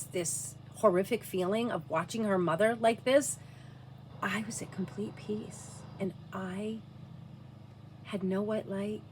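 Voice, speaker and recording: A woman telling a personal story to camera, earnest and halting, dropping to a hushed near-whisper at times. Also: mid-range voice, a little hiss or hum. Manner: earnest, frequent "like" fillers.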